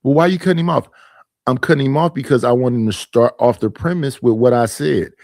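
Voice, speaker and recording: A man's voice: medium pitch, quick pace, a little mellow, no room sound, clean studio sound. A man hosting his own stream, arguing his points emphatically and repeating them in a casual monologue. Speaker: streamer and panel host.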